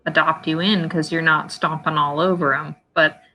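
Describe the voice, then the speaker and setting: A woman co-hosting a casual podcast interview, thoughtful and even in delivery. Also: low-pitched, moderate pace. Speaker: podcast co-host. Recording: muffled lo-fi audio with faint background noise.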